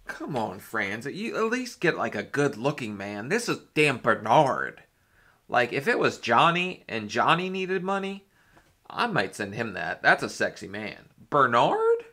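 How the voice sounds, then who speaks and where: Gravelly, bright-voiced man joking around. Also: mid-range voice, huge pitch swings, measured pace. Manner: joking, crude, sarcastic riffing. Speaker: reaction video host. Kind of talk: casual reaction commentary.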